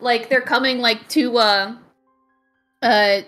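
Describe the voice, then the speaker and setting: A woman game master narrates a tabletop session at an unhurried pace, her voice sitting a little high. She stops and starts often, filling gaps with "uh". Faint music plays behind her. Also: steady tone, a bit bright. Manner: halting, many fillers.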